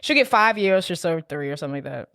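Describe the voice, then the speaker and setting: Lively, swearing woman in a dry room. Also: low voice, no echo. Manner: lively, swears freely, quick reactions. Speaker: podcast co-host. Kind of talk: casual movie chat.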